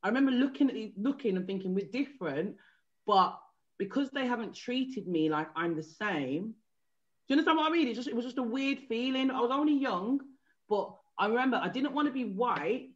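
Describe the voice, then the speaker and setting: A woman's voice: on the high side, fairly quick. A British woman hosting a podcast, telling stories with slang and lots of laughter in casual chat. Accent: British English. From England. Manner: animated storytelling, frequent laughter, slang. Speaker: podcast host. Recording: dull lo-fi sound.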